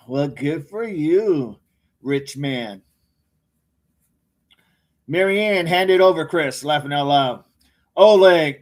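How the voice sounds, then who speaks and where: High-voiced man reading live chat. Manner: reads viewer comments aloud by name, joking and quick responses. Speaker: livestream host reading chat.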